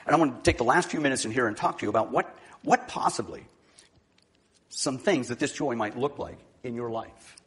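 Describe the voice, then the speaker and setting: A man's voice: mid-range voice, brisk, a bit bright, breathy edge. A middle-aged man, a pastor, preaching a sermon in a church, moving from a conversational story into fervent exhortation.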